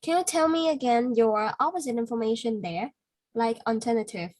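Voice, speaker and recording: A woman with a Vietnamese accent gives a one-to-one English speaking lesson, her voice sitting a little high. She corrects patiently, leaning on filler words as she explains. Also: normal speed, a little mellow, poor audio.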